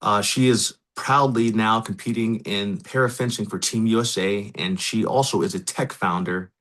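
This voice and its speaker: A man's voice: fairly low pitch, steady tone, moderate pace, a bit bright. A man hosting a podcast, talking loosely and chattily with many fillers. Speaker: podcast host. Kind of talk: casual interview.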